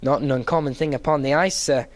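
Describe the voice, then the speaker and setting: A man voicing a cheeky, cheerful manservant in a dramatic reading, with a lower voice and rough, dropped-ending speech. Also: fairly even intonation, fast, lightly acted. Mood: dry encouraging.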